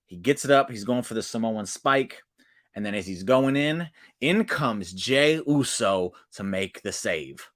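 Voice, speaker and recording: A man recapping a wrestling show in casual solo talk, excitable, swinging between loud bursts and quiet asides. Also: fairly low pitch, a little slow. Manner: excitable, swings loud and soft, restarts often.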